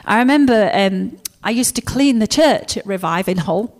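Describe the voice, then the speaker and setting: A woman preaching a sermon, telling stories in a lively way and acting out the characters. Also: mid-range voice, normal speed.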